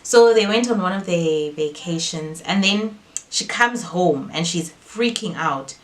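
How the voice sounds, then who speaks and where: A young woman chatting casually about her sister, excitable and acting out quotes. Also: unhurried. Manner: excitable, acts out quotes with big pitch jumps. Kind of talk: casual storytelling chat. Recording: echoey room.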